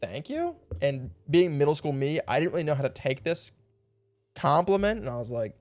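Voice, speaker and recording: A man's voice: fairly high pitch, lively intonation, fairly quick, darkish tone, no room sound, faint music behind. A young man streaming a puzzle game, thinking aloud in a rambling way and laughing now and then. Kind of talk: casual puzzle game livestream.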